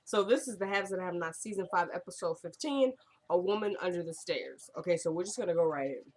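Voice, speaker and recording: A woman chatting casually through a recap of a TV episode, retelling the scenes line by line with lively, laughing asides. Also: fairly low pitch, quick pace.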